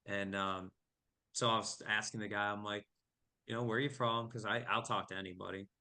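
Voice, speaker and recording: Bright-voiced man telling a story. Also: lowish voice, fairly quick. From New York. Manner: animated storyteller, acts out quoted dialogue. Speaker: family business owner, podcast guest. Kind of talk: casual storytelling.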